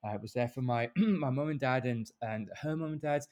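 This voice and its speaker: A man's voice: medium pitch, moderate pace, a little mellow. A man hosting a casual chat, repeating words as he restarts and agreeing eagerly.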